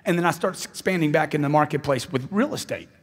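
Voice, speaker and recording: A man's voice: on the high side, expressive, fast talker, slightly rough, in a large hall. A man giving a live sales seminar speech, intense and emphatic, repeating phrases for punch. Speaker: motivational sales speaker.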